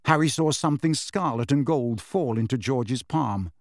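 A man narrating a storybook with a lively, expressive reading. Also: medium pitch, moderate pace, no room sound, studio quality. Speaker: audiobook reader.

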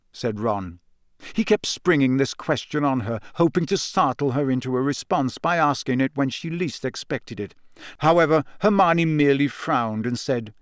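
A man narrating an audiobook in a measured, even storytelling manner. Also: medium pitch, no room sound. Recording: dry close studio sound.

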